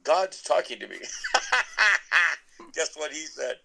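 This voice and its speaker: A man's voice: fairly high pitch, very animated, slow pace, creaky, sharp tone, rough recording. A middle-aged man, a podcast guest, tells a long personal story casually, with many restarts. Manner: rambling with many restarts and laughs.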